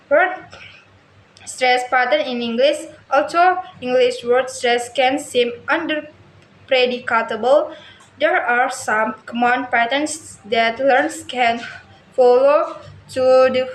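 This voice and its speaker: Woman, slow halting reading aloud, fairly high voice, echoey room, faint background hum. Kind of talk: reading a class presentation aloud.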